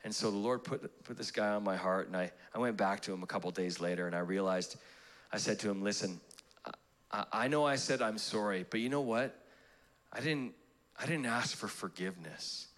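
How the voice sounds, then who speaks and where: A man's voice: on the low side, a little fast, a bit bright. A pastor preaching a sermon, telling a personal story in a conversational way, laughing at himself and restarting his sentences. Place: church auditorium.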